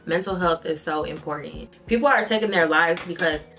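A young woman vlogger chatting candidly to her viewers while doing her makeup, telling stories in an expressive way. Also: sits low, a little fast, faint music behind. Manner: candid, expressive storytelling, addresses viewers as y'all. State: tearful at times. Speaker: beauty vlogger. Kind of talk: casual get-ready-with-me chat.

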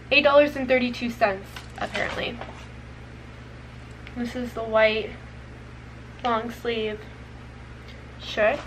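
This time the same kind of try-on haul moves slowly, with long pauses, as a nineteen-year-old beauty and fashion vlogger chats expressively in a high, bright voice. She leans heavily on "like" throughout. The audio is poor, with a faint hiss behind her.

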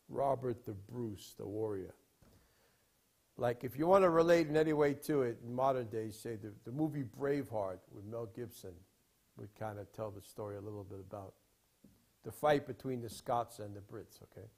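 A man preaching in a rambling storytelling style, emphatic, with sudden swings from loud to quiet. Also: mid-range voice, moderate pace, vocal fry. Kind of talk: sermon storytelling.

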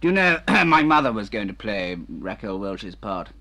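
A man's voice: fairly low pitch, very animated, normal speed, sharp tone. A man bantering in a bumbling, self-mocking way in an improvised comedy sketch.

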